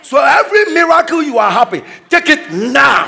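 High, lively preacher man. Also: brisk, gravelly, hardly any pauses, a crowd in the background, noisy background. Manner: exclaiming declarations, swinging between soft asides and shouts. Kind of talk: energetic sermon with storytelling.

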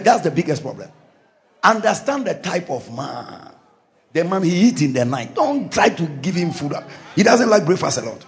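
A man preaching a charismatic sermon as pastor, fervently shouting declarations and decrees. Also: high voice.

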